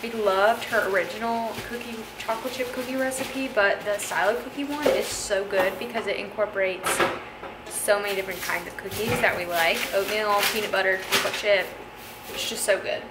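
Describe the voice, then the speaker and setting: A woman's voice: medium pitch, fairly quick, heavy background noise. A young woman chatting casually as she cooks at home, narrating each step and laughing often. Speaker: vlogger cooking at home. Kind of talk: casual chat while cooking. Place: home kitchen. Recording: echoey kitchen with music behind.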